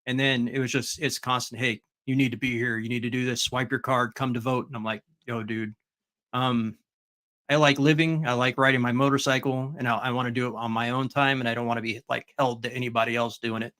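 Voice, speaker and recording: A man's voice: mid-range voice, level tone, a little fast, pushed and bright. A man guesting on a live stream, telling casual stories with stammers and quoted dialogue. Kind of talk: casual storytelling.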